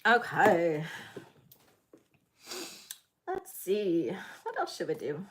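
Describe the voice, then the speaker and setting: A woman's voice: lowish voice, wildly swooping pitch, drawn-out words, slightly rough. A middle-aged woman hosting a live vintage jewelry auction, talking in a chatty, scattered, self-deprecating way to her viewers. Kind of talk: casual live-stream selling chat.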